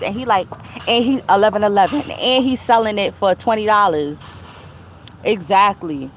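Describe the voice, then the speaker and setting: A woman vlogs casually from inside her car, loose and unhurried in her delivery. She laughs often and drops slang and curse words freely. A faint vehicle hum sits behind her voice. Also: medium pitch. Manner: laid-back, laughing, slangy and profane. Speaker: vlogger. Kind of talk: casual chat.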